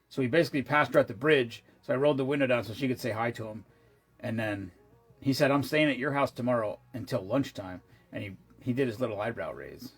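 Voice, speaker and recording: A man's voice: medium pitch, slightly rough. A tired man chatting casually to his viewers, rambling with many restarts and asides and the odd swear word. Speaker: vlogger. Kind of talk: casual chat.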